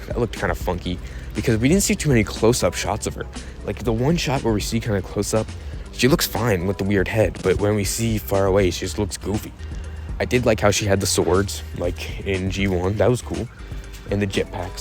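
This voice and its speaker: A man with a fairly low voice talks through his thoughts in a casual vlog. He rambles in a laid-back way and stumbles and corrects himself often. Faint music plays behind him. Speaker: YouTube channel host.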